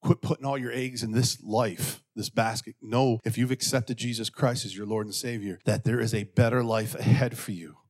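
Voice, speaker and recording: A middle-aged male pastor preaching a sermon in church, swinging between hushed asides and loud, exclamatory bursts. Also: mid-range voice, fairly even intonation, moderate pace, few pauses.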